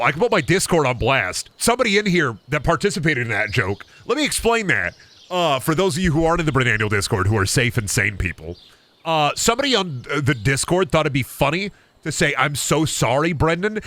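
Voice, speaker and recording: A man's voice: on the high side, pushed and bright, no room sound. A man streaming a farming game, chatting casually and crudely with his viewers in rambling, mock-dramatic riffs. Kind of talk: casual gameplay commentary. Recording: game music behind.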